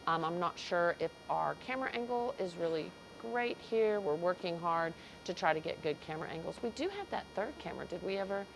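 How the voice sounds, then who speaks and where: A woman's voice: lowish voice, expressive, fairly quick, vocal fry, few pauses, faint music behind, rough recording. A woman commentating a cattle show livestream in an arena, chatting, greeting viewers and stumbling over names. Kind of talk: live commentary.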